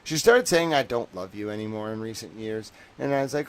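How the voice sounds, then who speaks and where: This young man, hosting a livestream in a lowish voice at a moderate pace, keeps things casual and rambling. Jokes, frequent fillers, and small performed voices run through his talk, and the recording is rough.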